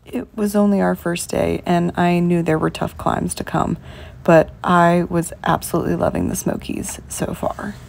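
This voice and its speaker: Woman, low and gravelly, warm mellow tone; reflective scripted vlog voice-over. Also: little pitch movement, normal speed. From North Carolina. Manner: reflective, fond recollection. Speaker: vlogger narrating a hike.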